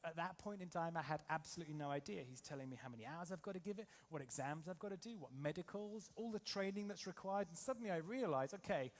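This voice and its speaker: A man from England coaching a live seminar crowd, talking very fast in a slightly high voice. He is punchy and energetic, pushing the room with rhetorical questions and quick asides. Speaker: trading coach and seminar speaker. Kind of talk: motivational seminar talk to a live audience.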